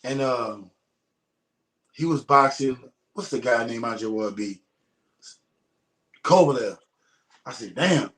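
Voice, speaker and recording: Blunt, profane retired boxer, echoey room. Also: male voice, medium pitch, unhurried, pauses often, a bit bright. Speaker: retired pro boxer, interview guest. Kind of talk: casual conversation.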